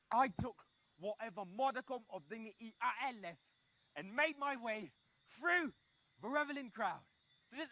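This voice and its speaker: A man performing a comic story, chatty and animated, swinging from hushed asides to loud outbursts. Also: extremely high pitch, no room sound.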